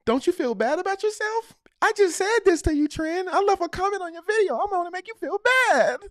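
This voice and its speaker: A man doing a high, sneering devil. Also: animated, brisk, a bit bright, no echo, studio quality. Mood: taunting. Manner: jeering, repetitive taunts. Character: mocking devil, taunting and belittling.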